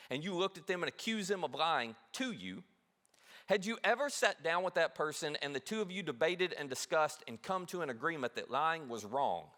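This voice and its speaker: A man pastor preaching a sermon in a church, animated, acting out quoted voices. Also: fairly high pitch. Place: church auditorium. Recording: long hall reverb.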